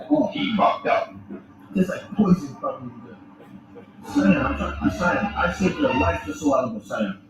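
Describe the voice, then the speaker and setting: A man's voice: a little high, very animated, moderate pace, long pauses. A man chatting casually while eating, blunt and swearing now and then. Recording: muffled echoey noisy distant recording.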